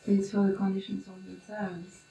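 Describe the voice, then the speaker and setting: A woman's voice: mid-range voice, monotone, normal speed, vocal fry, warm tone. A woman asking a question, hesitant and full of ums and uhs. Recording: far from the mic in an echoey room with faint hum.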